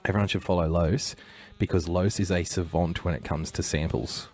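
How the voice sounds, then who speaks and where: A man's voice: deep voice, fairly even intonation, normal speed, a little mellow. A man hosting a livestream, rambling through casual commentary with joking asides and chuckles. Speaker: livestream host.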